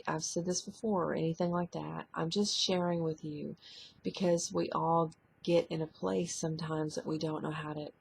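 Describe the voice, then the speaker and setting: A middle-aged woman tells her own story to the camera in a halting, soft-spoken way, often trailing off mid-thought. Her voice sits low and carries a gravelly, husky texture. She takes her time, pausing between phrases. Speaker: person sharing a personal testimony. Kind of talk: personal testimony to camera.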